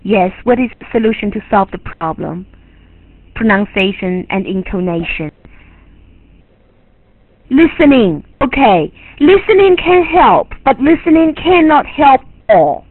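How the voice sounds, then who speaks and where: A woman's voice: medium pitch, animated, measured pace, pauses often, slightly rough, no room sound. A woman teaching a class, lecturing emphatically and repeating her key points. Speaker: English teacher. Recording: tinny lo-fi, phone-like recording.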